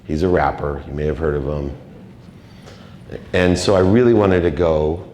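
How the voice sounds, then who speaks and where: A middle-aged man giving a confessional, emotional motivational speech on stage, with dramatic swings in loudness. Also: extremely low pitch, moderate pace, a little hiss or hum. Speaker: keynote speaker. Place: large event hall. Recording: echoey hall with long reverb.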